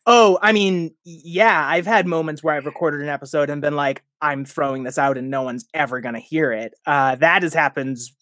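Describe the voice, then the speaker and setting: A man's voice: on the high side, fairly even intonation, a little fast, hardly any pauses, a bit bright, no echo. Rambling self-deprecating man, dry sound. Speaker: podcast creator and guest. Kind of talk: casual podcast chat.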